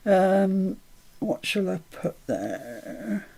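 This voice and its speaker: A woman talks through her crafting on a live stream in a chatty, self-mocking way. Her voice has a gravelly, creaky edge and a dark, mellow tone. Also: medium pitch.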